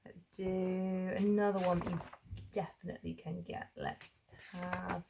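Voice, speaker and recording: A woman teaching young children to spell, sounding out each letter slowly and carefully. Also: on the low side, level tone, gravelly, noisy background. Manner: slow, drawn-out sounding out of letters. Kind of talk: phonics lesson for young children.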